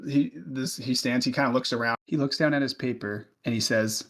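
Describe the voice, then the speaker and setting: A man's voice: medium pitch, fairly quick. A man running a tabletop game as game master, narrating loosely with many fillers.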